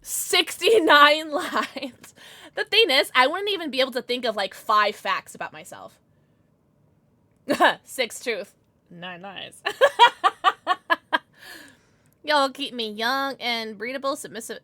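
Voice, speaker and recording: A bubbly woman streamer, high-pitched and bright, chatting casually with her live audience. Her voice leaps around lively as she giggles and rattles off quick greetings to chatters. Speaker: Twitch streamer.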